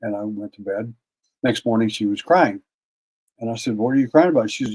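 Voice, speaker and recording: An older man, a guest on an interview, telling a long personal story in a folksy, casual way, often repeating words and clearing his throat. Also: medium pitch, brisk, a little mellow. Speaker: interview guest, paranormal investigator.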